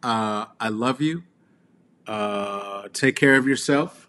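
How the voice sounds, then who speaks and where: Low, slow and pushed with a bright edge, this middle-aged man hosts a crude, sarcastic solo comedy monologue in Colorado. He rambles, filling it with fillers and trailing asides.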